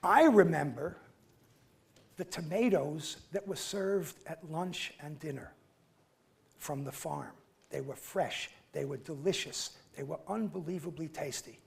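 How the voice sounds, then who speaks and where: A man in his seventies giving a lecture, telling personal stories conversationally with halting restarts. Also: a little high, vocal fry, breathy edge. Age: 70s. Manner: conversational, halting restarts, acts out quoted voices. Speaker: guest lecturer. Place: lecture hall.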